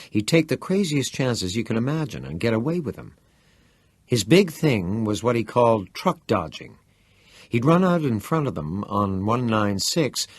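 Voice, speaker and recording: Expressive male audiobook narrator. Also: medium pitch, slightly rough, no room sound. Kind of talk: first-person novel reading.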